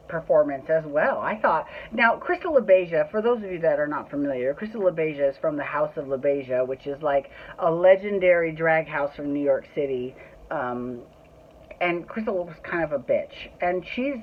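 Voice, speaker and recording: A woman talks through a casual solo recap as the show's host, chatty and gushing and quick to swear. Her voice sits a little low. The audio is thin and tinny, like a phone line. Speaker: podcast host.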